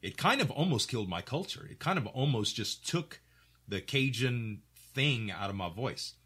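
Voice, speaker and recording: A middle-aged man from Louisiana hosting a casual podcast chat, articulate and animated, acting out quoted lines. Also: medium pitch, moderate pace, husky. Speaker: podcast host.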